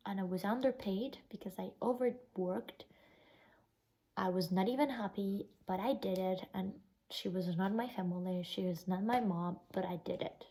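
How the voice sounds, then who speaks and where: Young italian woman venting on her vlog, soft mellow tone, says like a lot. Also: mid-range voice, moderate pace, low-quality recording. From Italy. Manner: emotional, recounting a bad experience, lots of "like" fillers. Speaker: vlogger. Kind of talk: casual storytelling vlog.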